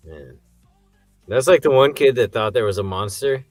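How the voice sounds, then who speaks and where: A young man co-hosting a casual podcast, telling rambling anecdotes and breaking into high-pitched disbelief. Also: normal speed, darkish tone, no room sound, soft background music. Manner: rambling anecdotes, jumps high in pitch when he gets worked up. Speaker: podcast co-host. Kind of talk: casual movie review chat.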